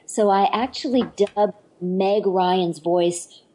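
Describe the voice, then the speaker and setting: A rough recording with a little hiss or hum captures a middle-aged actress and dialect coach in a casual interview chat. Her medium-pitched, dark-toned voice moves slowly, yet she sounds enthusiastic, rambling eagerly through many fillers and restarts.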